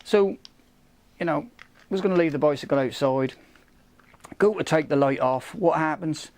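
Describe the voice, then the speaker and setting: Middle-aged man, fed-up product-rant vlogger, slightly high pitch, sweary and rambling. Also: normal speed, a little mellow. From United Kingdom. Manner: exasperated, swears, repeats "you know", rising pitch when angry. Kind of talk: casual ranting monologue.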